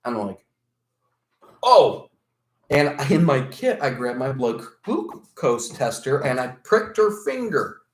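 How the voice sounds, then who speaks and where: A man's voice: medium pitch, measured pace, hardly any pauses. A man in casual podcast chat, a former EMT, who tells his stories with lots of movement in his voice and acts out what others said. He swears freely and talks bluntly. The room is echoey. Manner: animated storytelling, swearing, quoting others.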